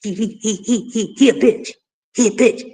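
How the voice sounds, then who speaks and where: A cocky young boxer who talks in a soft, whispery monotone, slightly tongue-tied, as a man puts him on for a comic impression. The voice sits fairly high and stays hushed and quick as he brags. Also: natural voice. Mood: boastful.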